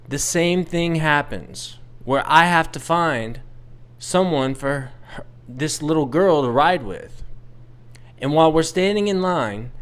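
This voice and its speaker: A man in his thirties, exasperated and venting bluntly, with a slightly high voice. His tone is smooth and clear, with the odd curse word slipping in. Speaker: vlogger. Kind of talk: casual storytelling rant.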